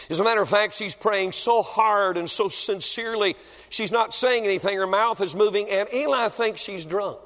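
A male evangelist preaching a revival sermon in a church, swinging dramatically between shouting and hushed tones. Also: high voice. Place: church building. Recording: long reverb of a large hall.

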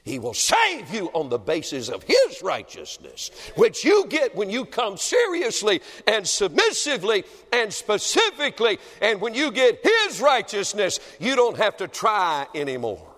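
A male evangelist preaching a revival sermon in a church, swinging dramatically between shouting and hushed tones. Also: sits high, wildly swooping pitch, unhurried, few pauses. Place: church building. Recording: long reverb of a large hall.

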